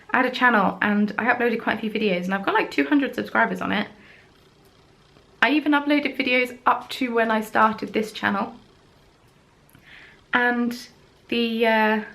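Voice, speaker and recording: Indoors at home, a twenty-something craft vlogger rambles to her camera in a chatty, self-mocking way. She speaks in a mid-range voice that's fairly bright, with some vocal fry.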